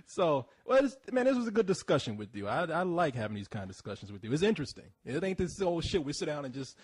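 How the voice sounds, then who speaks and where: Husky man telling a rambling story. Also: very animated, quick pace. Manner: rambling, swears freely, repeats words, pitch leaps when mimicking. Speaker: podcast co-host. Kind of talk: casual storytelling chat.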